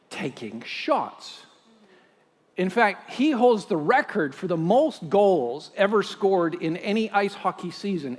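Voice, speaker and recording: A male pastor, preaching a sermon with animated storytelling and strings of rhetorical questions. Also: sits high, big-room sound.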